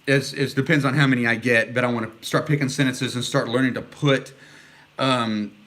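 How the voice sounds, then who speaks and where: A man's voice: mid-range voice, fairly even intonation, brisk, a bit bright. A middle-aged man from Texas, chatting casually and earnestly on a livestream, rambling with many fillers as he answers viewers' comments. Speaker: vlogger answering live comments.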